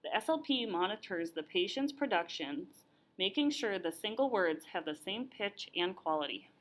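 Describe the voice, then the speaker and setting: A young woman reading therapy procedure steps aloud in an even, read-aloud manner. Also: medium pitch, moderate pace. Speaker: student playing a therapy client and narrating steps. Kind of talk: scripted lesson narration.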